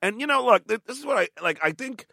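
A man's voice: very high voice, animated, fast, vocal fry, pushed and bright, dry recording. A man telling blunt, profane stories in casual chat, swearing and restarting his sentences.

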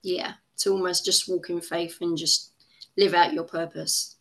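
A woman's voice: on the low side, level tone, a little slow, a bit bright. A woman hosting a podcast interview, asking questions and reflecting back on her guest's answers in an encouraging way. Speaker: podcast host. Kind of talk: interview conversation.

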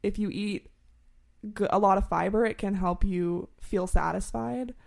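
A young woman talking casually and explaining at length, with a gravelly fry running through her voice. She is informal and chatty and breaks into laughs often. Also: mid-range voice, unhurried, darkish tone. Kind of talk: casual chat.

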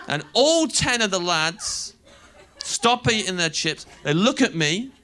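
Brief: comic in his thirties, bright, slightly high, lively storytelling. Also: slow pace. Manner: animated, acts out voices, laughs through lines. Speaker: stand-up comedian. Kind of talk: stand-up storytelling.

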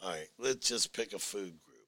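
A man's voice: lowish voice, moderate pace, sharp tone. A middle-aged man, a store owner and guest, chatting casually with wry, dry humor. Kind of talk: casual chat.

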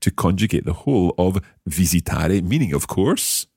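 Man, patient lesson host, very low husky voice, dry close sound. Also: big pitch swings, a little mellow, no echo. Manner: patient, encouraging, slow careful pronunciation. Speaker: language teacher and podcast host. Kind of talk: guiding a language lesson.

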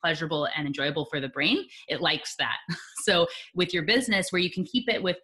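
A woman guest in a conversational interview, explaining her ideas in a lively way with acted-out examples and laughter. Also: fairly low pitch, brisk.

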